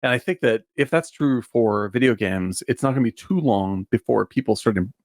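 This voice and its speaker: A man co-hosting a casual film podcast, talking eagerly with many quick asides. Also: medium pitch, no room sound, studio quality. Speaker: podcast co-host. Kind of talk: casual film-discussion chat.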